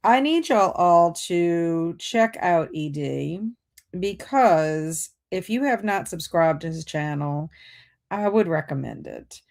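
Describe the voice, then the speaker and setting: A woman's voice: fairly low pitch, animated, takes it slowly, creaky, darkish tone. A woman hosting a livestream, chatting casually and reading out viewer comments while multitasking. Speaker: BookTube livestream host.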